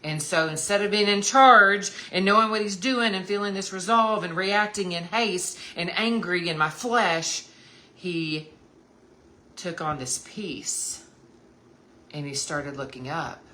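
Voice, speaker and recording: A woman's voice: fairly low pitch, unhurried, bright, forceful tone, slight background noise. A woman giving earnest, emphatic devotional Bible teaching to other women, repeating key points and calling them sisters. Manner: addresses listeners as sisters.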